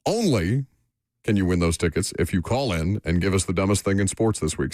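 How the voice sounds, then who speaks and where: A man hosting a sports radio show, chatting energetically and pitching a call-in contest. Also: brisk, dry recording, clean studio sound. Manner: energetic, jokey, reads phone number. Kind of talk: casual sports talk.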